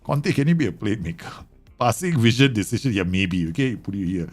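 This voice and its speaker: A man commentating live on a football management game, excitable and teasing, bursting into exclamations. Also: fairly low pitch, brisk, faint music behind.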